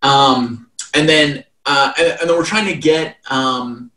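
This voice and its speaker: A man's voice: mid-range voice, slow pace, bright, forceful tone. A man in his thirties, a guest telling stories in a casual interview, rambling with lots of fillers and restarts. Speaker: guest, fight event promoter. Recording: roomy, distant mic.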